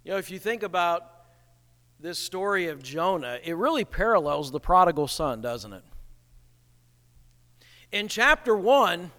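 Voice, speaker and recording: A man preaching a sermon in an animated way, acting out the people he quotes. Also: sits high. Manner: animated, acts out quoted voices, chuckles at the irony. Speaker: pastor. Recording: reverberant hall.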